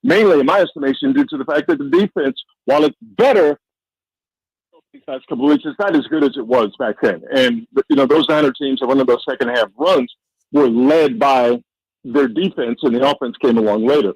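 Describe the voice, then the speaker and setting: A man appearing as a guest football analyst on a sports radio show, talking casually and playfully, getting animated when he jokes. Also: fairly quick, slightly rough, no echo, low-quality recording. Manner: animated, playful, rising pitch when joking. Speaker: NFL insider guest.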